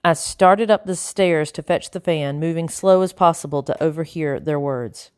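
A woman reading an audiobook in a measured, expressive narrating style. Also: low-pitched, smooth, no echo, studio quality. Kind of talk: scripted narration.

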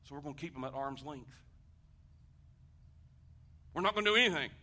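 A pastor delivers a sermon in a conversational, animated style, putting questions to the congregation and swinging from hushed talk to shouting. His voice is a little high and brisk.

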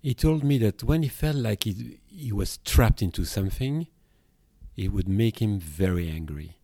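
Low, mellow Belgian-French man, reflective. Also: animated, a little slow, no echo, clean studio sound. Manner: reflective, with hesitations and restarts. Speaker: therapist. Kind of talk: podcast monologue on emotions.

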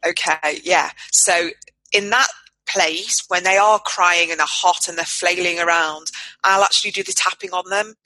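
A woman's voice: fairly low pitch, fairly even intonation, normal speed, sharp tone, rough recording. A mother of four talking earnestly as a podcast guest, often restarting her sentences with fillers. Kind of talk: casual podcast conversation. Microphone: podcast microphone.

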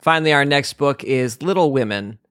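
A man's voice: medium pitch, moderate pace, fairly bright tone, clean tone, no room sound. Laughing man, dry close sound. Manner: self-mocking, laughs often. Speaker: podcast co-host. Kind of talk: casual podcast chat.

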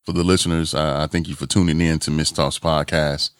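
Deep-voiced man hosting a podcast. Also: level tone, a little fast, smooth, dry recording, clean studio sound. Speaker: podcast host. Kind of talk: casual podcast talk.

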